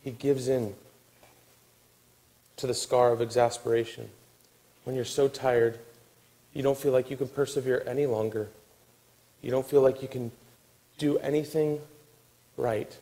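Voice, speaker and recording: A man preaching a sermon, telling a story with acted-out quotes and dropping to a hushed, weary tone. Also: mid-range voice, unhurried, pauses often, low-quality recording. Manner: animated storytelling, acting out quotes, dropping to a soft hush. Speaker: pastor.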